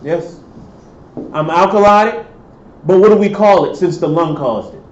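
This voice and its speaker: This male professor has a high voice and keeps a moderate pace as he lectures, asking the class questions and answering them himself. The recording comes from an echoey lecture hall, dull-sounding with a faint hiss.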